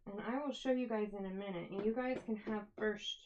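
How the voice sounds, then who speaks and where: A woman's voice: mid-range voice, a little fast, a little mellow, highs cut off, slight background noise. A woman hosting a casual live stream from home, chatting and greeting viewers by name while she dyes yarn. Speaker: livestream host dyeing yarn.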